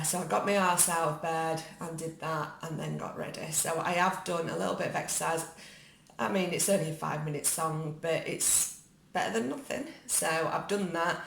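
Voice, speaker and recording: A woman with an English accent talks through her day in a relaxed, rambling way, scattering ums between her thoughts. Her voice sits low and has a gravelly fry. The room around her is echoey, with faint noise behind her. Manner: chatty and rambling, with many ums. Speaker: vlogger. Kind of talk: casual chat. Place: dining room at home.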